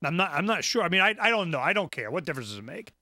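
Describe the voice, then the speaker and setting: A man's voice: a little high, big pitch swings, very fast, bright, forceful tone, no echo, clean studio sound. A man hosting a talk radio show, ranting in an emphatic, rambling way with stammered restarts. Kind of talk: casual talk radio rant.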